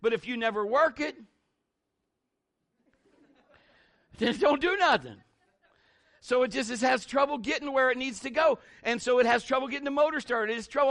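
High, bright-voiced man preaching. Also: brisk. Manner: animated, conversational preaching with lively pitch swings. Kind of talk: sermon.

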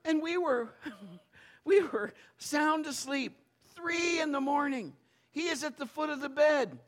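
A man preaching a sermon as pastor, acting out stories and swinging from hushed tones to shouts. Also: very high voice, measured pace. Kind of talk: sermon with personal storytelling.

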